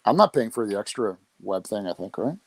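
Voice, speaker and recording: A man's voice: on the low side, animated, a little fast, breathy edge, dry recording. A man co-hosting a podcast, talking bluntly and getting defensive, with the odd swear. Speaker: podcast co-host. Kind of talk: casual chat.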